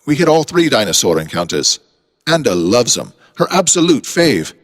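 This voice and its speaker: A man's voice: medium pitch, very animated, moderate pace, big-room sound. A man voicing a polite, uneasy British father on holiday, speaking with a British accent in formal, apologetic phrases.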